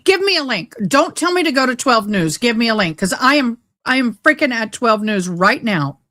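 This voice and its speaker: Speaking at a normal pace, this YouTube livestream host has a fairly high, sing-song voice with a fairly bright tone. Her casual stream comes in agitated, ranting bursts, picked up by a nearby desk mic in a sunlit room at home.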